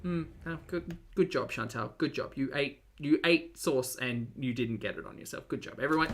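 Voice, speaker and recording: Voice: mid-range voice, moderate pace, hardly any pauses, fairly bright tone, slight background noise. A commentary host, giving dry, mocking reaction commentary on food videos.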